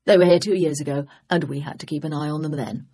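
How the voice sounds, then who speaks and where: A narrator voicing a jovial, blustering male police inspector who speaks in a mocking, booming way. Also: fairly even intonation, quick pace, warm tone, slightly rough, lightly acted.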